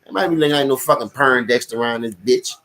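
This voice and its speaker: A young man with a New Orleans accent hosts a football live stream, speaking at a quick pace in a fairly bright, mid-range voice. He rants with animated profanity, addressing viewers directly.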